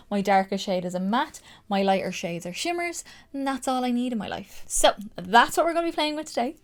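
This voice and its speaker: A young woman with a Dublin accent, chatting excitedly through a casual makeup tutorial with lots of fillers. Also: medium pitch. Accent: Dublin Irish. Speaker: makeup creator.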